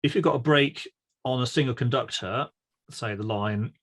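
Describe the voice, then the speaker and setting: Methodical male guest, calm, mid-pitched explainer. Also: moderate pace. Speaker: guest electrician. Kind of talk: casual technical explanation.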